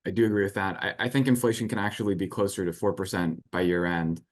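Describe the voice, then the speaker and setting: A man with a low voice answers interview questions at a brisk clip. He speaks as an analyst and packs his answers densely with policy terms. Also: steady tone. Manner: rapid, analytical, jargon-heavy. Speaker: research firm guest.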